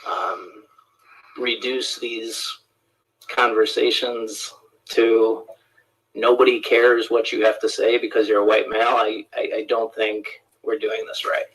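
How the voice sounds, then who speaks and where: Slow husky hesitant man. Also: on the low side, level tone, fairly bright tone, poor audio. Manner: halting, hesitant. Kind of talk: conversation in a played video clip.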